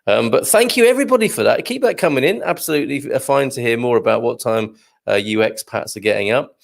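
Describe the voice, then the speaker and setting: A middle-aged man with a gravelly, fry-touched voice hosts a casual live morning show. He reads out viewer comments in a chatty, joking way and chuckles as he goes. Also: medium pitch, lively intonation, quick pace. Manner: chatty and jokey, tells corny dad jokes, chuckles often. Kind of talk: casual live-stream chat.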